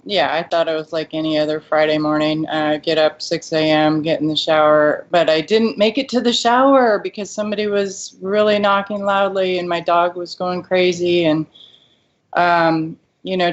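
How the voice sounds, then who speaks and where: A woman guest in an interview recounting a painful past event, voicing the words of others as she goes. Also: on the low side. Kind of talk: personal account. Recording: dull lo-fi recording.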